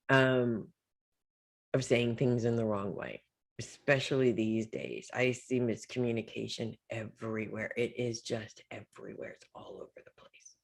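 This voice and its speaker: A woman with a bass, creaky voice gives a weekly psychic reading as casual advice. She's loose and reassuring, keeps checking in with "okay?" and "right?", and trails off with "blah, blah".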